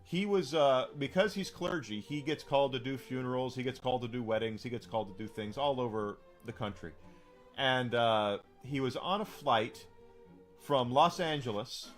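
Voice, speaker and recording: A man's voice: medium pitch, normal speed, soft background music. A man streaming a game and telling a long story in a rambling, casual way, full of restarts and fillers.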